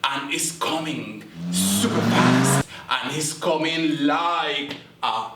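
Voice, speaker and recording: A man presenting a playful word-of-the-week segment on a school news show, animated and teasing, drawing out the Spanish words. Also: medium pitch, slow pace, roomy sound, distant mic, very noisy.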